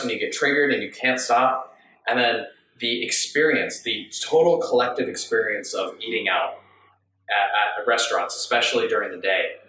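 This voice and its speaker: A man giving a reflective self-help talk on mindful eating, musing gently and asking rhetorical questions. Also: mid-range voice, a little hiss or hum. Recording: echoey room, distant from mic.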